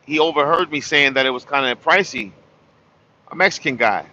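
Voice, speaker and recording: A man's voice: mid-range voice, fast talker, sharp tone, muffled recording. A tired truck driver telling a long story in a casual vlog, rambling and repeating his words.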